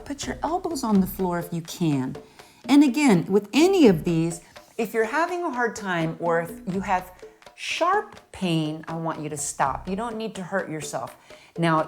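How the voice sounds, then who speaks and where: A middle-aged woman leads kids through a stretching warm-up, guiding each move step by step. Her voice is of ordinary pitch and she praises often in a playful, encouraging way. Faint music plays behind her. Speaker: children's music and movement teacher. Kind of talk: guided stretching instruction for kids.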